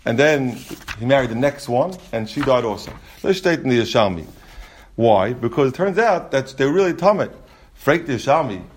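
A man teaching a Talmud class, reading out Aramaic passages and explaining them in English with quick repeated restarts. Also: fairly high pitch.

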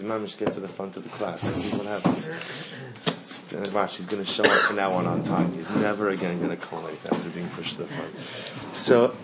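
A man's voice: deep voice, very noisy. A man teaching a Torah lesson to a class. He asks the students questions and repeats the key phrases.

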